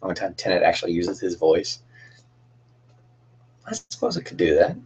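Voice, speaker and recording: A man's voice: deep voice, sing-song, moderate pace, darkish tone, slightly rough. A young man hosting a casual cosplay livestream, chatting in a rambling, friendly way with lots of fillers and restarts.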